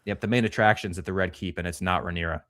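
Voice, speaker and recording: A man's voice: sits low, steady tone, fast talker, a bit bright, dry recording, clean studio sound. A man co-hosting a casual livestream, reading chat comments aloud and joking crudely. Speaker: podcast co-host.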